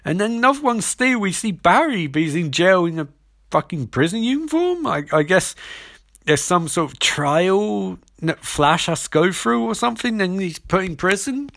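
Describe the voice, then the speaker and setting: A man rambles through a comic recap, swearing freely and joking along the way. His voice sits a little high. The sound is dry and close. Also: sing-song, moderate pace, creaky, a bit bright, dry recording. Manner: profane, rambling, jokey. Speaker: show recapper. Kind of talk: casual comedic episode recap.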